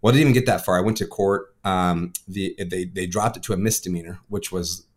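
A man, a father, telling his personal testimony in conversation, talking quickly and often checking in with "right?". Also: deep voice, steady tone. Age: adult with a son. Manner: fast storytelling, frequent "right?" tags. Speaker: guest.

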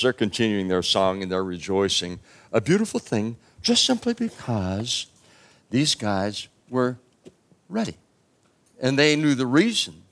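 A man preaching a sermon, retelling a story in a casual, humorous way with many fillers. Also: lowish voice.

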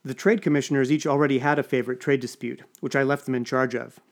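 A man's voice: medium pitch, steady tone, fast. A man narrating an audiobook with dry, wry storytelling. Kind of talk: scripted narration.

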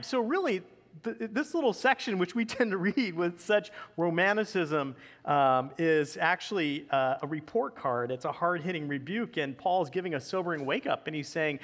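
A man's voice: on the high side, normal speed, a bit bright, long reverb tail. Man preaching a conversational sermon. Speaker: pastor.

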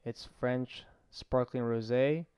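A chatty young man in his twenties with a smooth, resonant voice. He talks on a casual podcast, quick and animated, hardly stopping between thoughts. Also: medium pitch, no room sound. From Mexico. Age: 20s. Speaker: chef guest.

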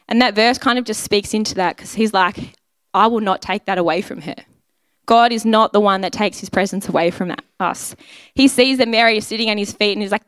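A woman's voice: medium pitch, fairly even intonation, a little fast, a bit bright, clean tone, dry recording. A woman giving a sermon in a conversational, earnest way, often voicing prayers aloud. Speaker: church speaker. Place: church.

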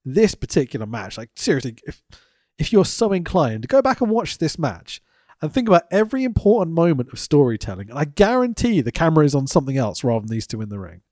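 A man's voice: a little high, very animated, fast talker, darkish tone, no room sound, clean studio sound. A man co-hosting a wrestling podcast, sweary and laughing often in casual review chat.

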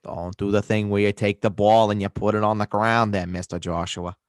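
A man's voice: lowish voice, level tone, brisk, no room sound, studio quality. A man co-hosting a fantasy football podcast, chatting casually and hamming up a folksy put-on Minnesota accent. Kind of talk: casual chat.

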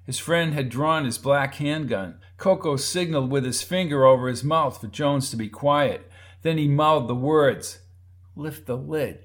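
A man's voice: medium pitch, a little slow, fairly bright tone. A man reading a crime novel aloud as narrator, shifting his delivery for each character's lines. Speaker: audiobook narrator. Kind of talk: scripted narration with character voices.

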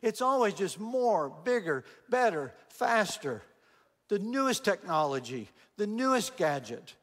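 A man's voice: high voice, a little slow, big-room sound. A man giving a sermon as a guest speaker, telling stories animatedly and acting out the quotes. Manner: animated storyteller, acts out quotes. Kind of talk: sermon storytelling.

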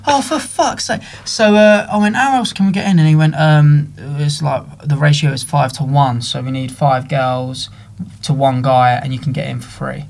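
An English man hosting a podcast, telling animated stories in casual chat, swearing freely and laughing often. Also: medium pitch, normal speed, gravelly. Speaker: podcast host. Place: podcast studio.

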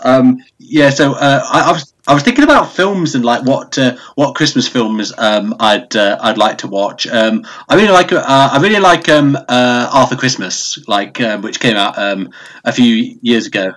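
A man's voice: mid-range voice, animated, moderate pace, a bit bright. A man hosting a casual chat, asking questions with many hesitations and fillers.

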